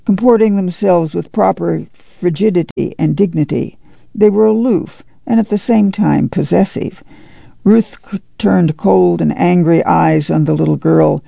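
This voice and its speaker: Gravelly dark-voiced man narrating. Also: a little high, dry recording. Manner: steady storytelling delivery. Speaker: audiobook narrator. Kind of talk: scripted narration. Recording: dull lo-fi dry audiobook recording.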